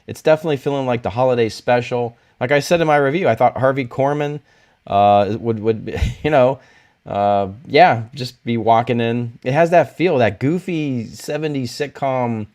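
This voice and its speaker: A man's voice: medium pitch, moderate pace. A man in his forties hosting a livestream, chatting casually and joking as he reads out viewer comments. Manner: animated and joking, with frequent laughs and restarts. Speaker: livestream host.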